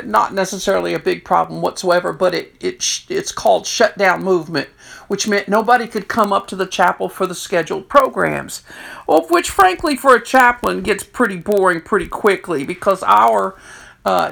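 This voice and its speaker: Very gravelly-voiced woman telling stories. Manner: animated storyteller, jumps high to quote herself and others. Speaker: prison chaplain. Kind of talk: storytelling talk.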